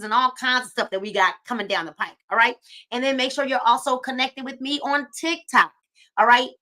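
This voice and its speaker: A woman's voice: a little high, pushed and bright. A woman hosting a live book club stream, preachy and encouraging, often repeating her phrases.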